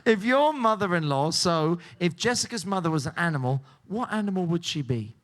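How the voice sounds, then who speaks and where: Lively joking game show host man. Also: sits high, fairly quick. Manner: joking, teasing contestants, laughing often. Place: cruise ship show lounge.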